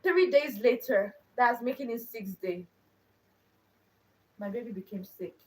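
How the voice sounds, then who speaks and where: A woman's voice: on the high side, distant mic, slight background noise, poor audio. A young adult woman hosting her own channel, telling a personal story in an earnest way, repeating phrases for emphasis. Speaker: channel host.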